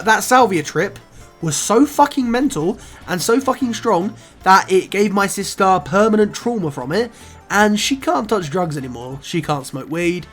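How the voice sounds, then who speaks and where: A young man, telling a casual, expletive-laden story for his vlog. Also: sits high. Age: 20s. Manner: animated, swears often, says "bro" a lot. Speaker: vlogger.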